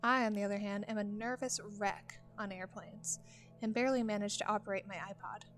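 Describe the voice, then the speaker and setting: A woman tells a first-person story in a steady, measured narration. Her pitch sits in a middle range, and faint music runs beneath her voice.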